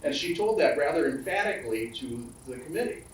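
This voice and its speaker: A man's voice: fairly high pitch, expressive, a little fast. A man and county supervisor telling a jovial anecdote about a former colleague, laughing along at a public meeting. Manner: jovial storyteller who laughs at his own tales. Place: county board meeting room. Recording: roomy, distant meeting-hall mic.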